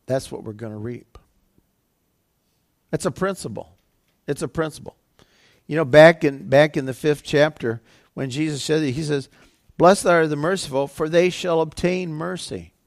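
A man's voice: fairly high pitch, no echo, clean studio sound. A male pastor preaching a sermon, retelling scripture in a conversational, everyday way.

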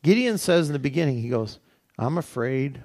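A man's voice: mid-range voice, expressive, normal speed, a little mellow. A male pastor giving a sermon in a conversational way, repeating phrases and asking the congregation rhetorical questions. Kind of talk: sermon teaching.

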